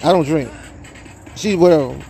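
A man's voice: a little high, normal speed, gravelly, background noise. A young man telling a long, rambling, profane story about a custody fight, repeating "you know what I'm saying" and trailing off into restarts. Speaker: father telling his side of a custody dispute. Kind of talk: casual storytelling monologue. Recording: faint music behind.

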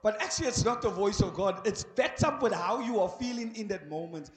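A South African man preaching a sermon from a church pulpit, his voice sitting noticeably high for a man. He is animated, slipping into acted-out voices and laughing as he goes, speaking into a handheld mic. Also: brisk, slight background noise. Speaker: pastor.

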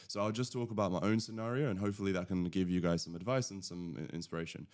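British man, low voice, casual rambling storyteller, restarts and lively retellings. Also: quick pace. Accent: British English. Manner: rambling, self-correcting, animated when retelling. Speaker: podcast guest, agency founder.

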